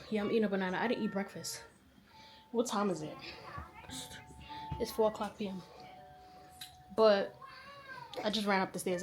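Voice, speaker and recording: A New York vlogger in her twenties chats to the camera while tidying her bedroom at home, thinking aloud about where things should go. She's talkative and often unsure, with a mid-range voice.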